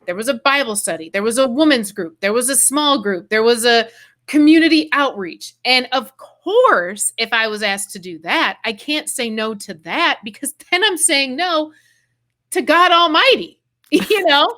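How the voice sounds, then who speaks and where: A woman hosting a podcast, telling a personal story in animated casual chat with quick asides. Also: high-pitched. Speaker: podcast host.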